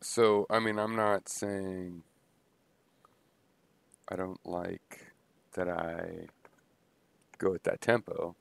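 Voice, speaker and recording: Deep gravelly guy rambling slowly about philosophy, stops and restarts a lot. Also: flat delivery, no room sound. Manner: halting, many restarts and pauses, thinking aloud. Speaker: video blogger musing on philosophy. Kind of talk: unscripted philosophical monologue.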